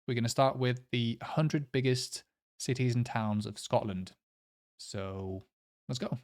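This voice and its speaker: Brief: male quiz player, slow and halting delivery, filler-heavy casual commentary. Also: medium pitch, steady tone, darkish tone. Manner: hesitant, many fillers, unsure pronunciations. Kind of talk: casual commentary while playing a map quiz.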